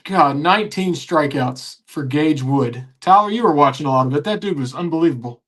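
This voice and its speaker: A man's voice: on the high side, a little fast, fairly bright tone. A man hosting a casual sports radio chat, rambling with fillers and restarts.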